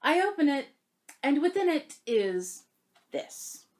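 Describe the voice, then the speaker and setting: Young woman crafter, chatty vlogger, animated storyteller with a pitch that swings high and low. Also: slow pace, a little hiss or hum. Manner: animated storytelling, emotional and tearful at times. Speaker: cross-stitch vlogger. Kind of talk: casual chat to camera.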